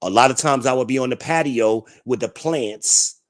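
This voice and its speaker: A man's voice: mid-range voice, moderate pace. Blunt, profane man ranting live. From New Jersey. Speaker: livestream host. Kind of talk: ranting live-chat commentary.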